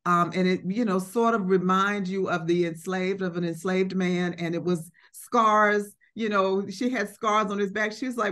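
A woman's voice: medium pitch, steady tone, moderate pace, hardly any pauses, fairly bright tone. A middle-aged woman, an art collector, telling a reflective story in conversation, with fillers and acted quotes.

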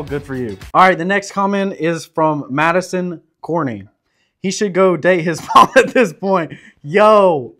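A brash young man with a Southern drawl reads viewer comments and fires back crude, cocky jokes. His voice sits a little high for a man. Soft music plays faintly under him. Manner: brash, crude, joking bravado. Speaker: show guest reading comments. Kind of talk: casual comment reading.

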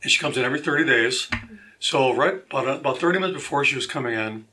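Bright-voiced man telling a testimony. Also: mid-range voice, fast talker. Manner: animated, acts out quoted voices. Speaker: guest. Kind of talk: storytelling testimony.

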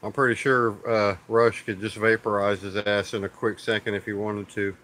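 This live-stream host speaks with an Oklahoma accent in a fairly low, level voice that's a bit bright, at normal speed. He keeps things easygoing and rambling, full of fillers, and keeps calling viewers "y'all."

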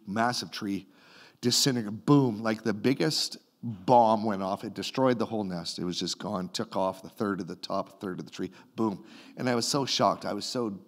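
A Canadian man, a pastor, telling a dream and a vision in a sermon, with his voice swinging between loud bursts and quiet moments. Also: lowish voice. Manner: animated, retells a vision in a rising and falling voice. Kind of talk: sermon storytelling.

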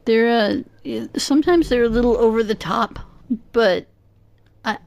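A woman's voice: a little high, unhurried, gravelly, a little mellow, dry recording, highs cut off. A woman on a casual podcast chat who talks thoughtfully and hesitantly, with many fillers. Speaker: podcast guest co-host.

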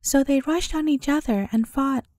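A woman narrating a bedtime fairy tale in a gentle, measured way. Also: high voice, no echo, clean studio sound. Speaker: storyteller.

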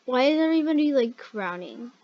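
A woman hosting a gaming video, chatting casually through the play, chatty and excitable and yelping when startled. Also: high-pitched, fairly quick. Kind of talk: casual gameplay commentary. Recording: dull lo-fi recording.

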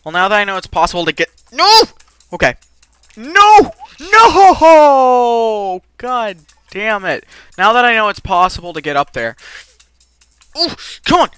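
Gamer raging at a tough game, swears constantly, jumps from low mumbles to yelling, dry close sound. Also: animated, fast, smooth, no room sound. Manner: rages and swears, yelling bursts between low mutters. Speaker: let's play gamer. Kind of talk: live gameplay commentary. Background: faint game music.

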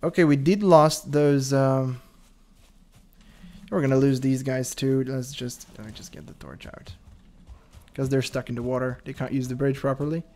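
A man's voice: mid-range voice, steady tone, normal speed, mellow. Chatty nervous man narrating his gameplay. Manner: chatty, nervous laughs, thinks aloud. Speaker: gameplay commentator. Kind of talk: casual gameplay commentary.

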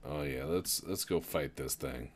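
A man giving casual gameplay commentary with wry, deadpan asides. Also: very deep voice, a little slow, slight background noise. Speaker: gamer.

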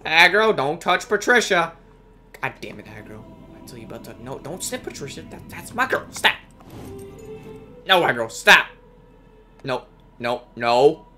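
A man's voice: on the high side, big pitch swings, measured pace, pauses often, bright, forceful tone. A man giving casual, playful gameplay commentary, swearing and joking as he talks to the creatures on screen. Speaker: let's play gamer. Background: game music.

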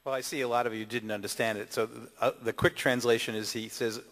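A man's voice: mid-range voice, little pitch movement, quick pace, in a large hall, heavy background noise. A man giving a conference lecture, using rhetorical questions and emphatic repetition. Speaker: keynote lecturer.

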